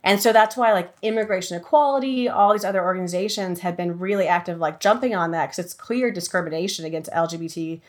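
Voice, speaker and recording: A woman hosting a podcast, talking casually with lots of fillers and quick restarts. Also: fairly low pitch. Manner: chatty, many fillers and restarts. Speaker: podcast host.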